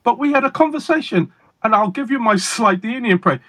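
A man being interviewed as a guest magician, telling stories in a deliberate, emphatic way with pauses for effect. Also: very high-pitched, lively intonation, fairly bright tone. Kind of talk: casual interview storytelling.

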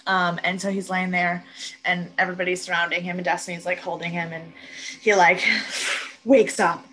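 Bright-voiced woman recapping a show. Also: on the low side, moderate pace, poor audio. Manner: animated retelling, quoting characters. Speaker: podcast co-host. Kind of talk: casual TV recap chat.

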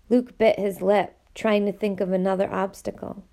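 A woman reading a novel aloud in an expressive, animated way. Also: mid-range voice, moderate pace, gravelly, hardly any pauses. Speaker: audiobook reader.

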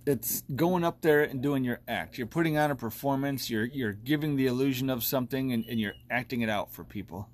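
A man's voice: medium pitch, brisk, few pauses. A man in his forties hosting a solo podcast, ranting bluntly and with lots of profanity, often laughing at himself. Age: 40s. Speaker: podcast host.

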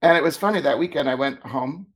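A man, a former teacher co-hosting a talk show, telling stories in a lively, casual way and acting out what people said. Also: on the high side, quick pace. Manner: animated, acts out quoted dialogue. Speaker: podcast co-host, former teacher. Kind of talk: casual storytelling chat.

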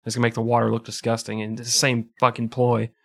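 A man's voice: medium pitch, monotone, fast, gravelly, no room sound. A man co-hosting a podcast, riffing and joking crudely in casual banter. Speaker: podcast co-host.

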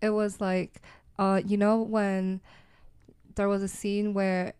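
A woman's voice: mid-range voice, flat delivery, slow pace, a little mellow, smooth. A young woman chatting casually, thoughtful and reflective, with lots of filler words. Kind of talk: casual chat.

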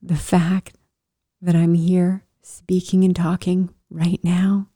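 A woman telling her own story in a casual, animated way, swinging from loud bursts to soft whispers. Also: fairly low pitch, slow, husky, dry recording, studio quality. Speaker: storyteller sharing a personal story.

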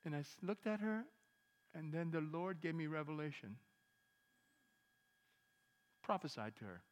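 Male pastor, sermon storytelling, animated, emphatic bursts, long church reverb. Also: fairly high pitch, unhurried. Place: church sanctuary.

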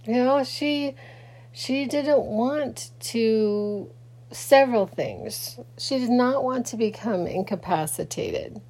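A middle-aged woman talking casually and haltingly to her camera late at night, grieving and rambling with many fillers and restarts. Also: on the high side, expressive, a little mellow. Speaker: vlogger. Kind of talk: casual personal talk to camera.

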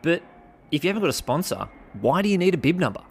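A man's voice: a little high, sing-song, fast talker, gravelly, breathy edge. A young Australian man hosting a podcast, talking casually and bluntly, swearing freely with mock exasperation. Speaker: podcast host. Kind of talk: casual solo commentary.

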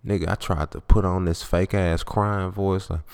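A man in his twenties talks straight into his podcast with no script. He preaches bluntly and swears freely as he tells his stories. His voice sits low and carries a rough, gravelly fry. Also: little pitch movement, moderate pace, a little mellow. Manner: profane, blunt, preachy storytelling. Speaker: podcast host. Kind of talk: unscripted monologue.

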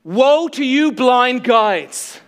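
A man voicing a stern male teacher who rebukes hypocrites with forceful, emphatic declarations. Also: very high voice, expressive, drawn-out words, clear, resonant tone, in a large hall, pitched above the performer's own voice, exaggerated voice.

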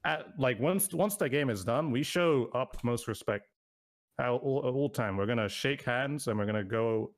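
A man's voice: medium pitch, normal speed. A man co-hosting a podcast in casual chat, rambling with many fillers and laughing easily. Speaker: podcast co-host.

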